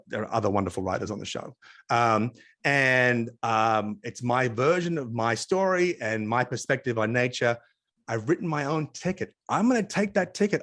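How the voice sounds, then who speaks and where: Middle-aged Australian man, interview guest, animated anecdotal delivery over a video call. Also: mid-range voice. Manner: animated, chatty anecdotes with asides. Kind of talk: casual storytelling interview.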